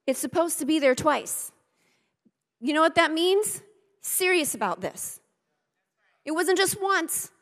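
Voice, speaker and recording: A woman pastor with an extremely high, sharp voice preaches a sermon emphatically, repeating key phrases and addressing her congregation directly. A large hall's long reverb fills the recording.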